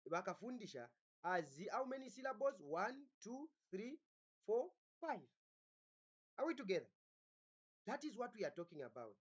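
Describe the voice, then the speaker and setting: Lecturer quizzing the class with "what?" prompts. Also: mid-range voice. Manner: asks rhetorical "what?" questions for the class to fill in; repeats "are we together?" to check understanding. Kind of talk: phonology lecture. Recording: dull lo-fi recording.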